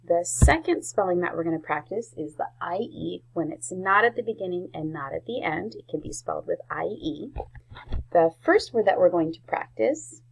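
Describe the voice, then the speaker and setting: A woman teaching a spelling lesson to young children, slowly sounding out each word. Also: on the low side, poor audio. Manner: slow, clear sounding-out of words. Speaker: first grade teacher.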